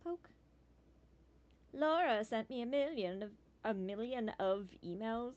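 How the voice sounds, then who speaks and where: An animated woman streamer thinking out loud as she plays, with a bouncy voice that swings between high and low. She breaks into cursing now and then, and makes goofy sound effects. The recording is a little dull and lo-fi. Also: unhurried, pauses often. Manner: chatty and animated, swearing, making playful noises. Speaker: streamer playing a game demo. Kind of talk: casual gameplay commentary.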